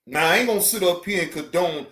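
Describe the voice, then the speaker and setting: A man's voice: sits high, fast talker, a bit bright. A man hosting a reaction channel, giving blunt, profane, preachy commentary in a casual tone.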